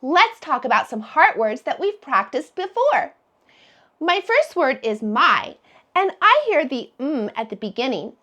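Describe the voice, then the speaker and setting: A woman teaching a phonics lesson to preschoolers, sounding out letters slowly in a sing-song way. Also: high-pitched, very animated, bright, forceful tone. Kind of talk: phonics lesson for young children.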